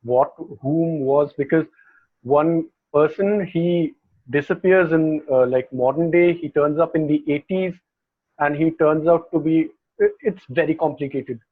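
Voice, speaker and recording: A man's voice: a little high, unhurried. A man co-hosting a film podcast, chatting casually and rambling through his thoughts. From India. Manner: rambling, restarts mid-thought. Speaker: podcast co-host. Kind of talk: casual chat about films and TV. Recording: tinny phone-like call line.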